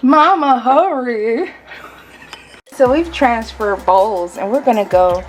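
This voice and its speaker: A woman's voice: medium pitch, expressive, a little slow, a little mellow, slight background noise. A woman hosting a home baking channel, chatting and explaining each step as she cooks in her kitchen. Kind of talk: casual cooking tutorial.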